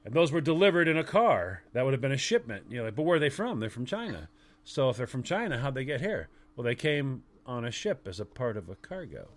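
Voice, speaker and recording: A man's voice: medium pitch, sing-song, brisk. A man co-hosting a podcast, talking in playful, rambling casual banter. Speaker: podcast co-host.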